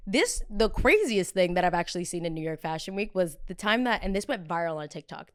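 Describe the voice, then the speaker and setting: Animated young woman podcast host. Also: fairly low pitch. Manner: animated, reenacts arguments, swears freely. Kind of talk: casual storytelling.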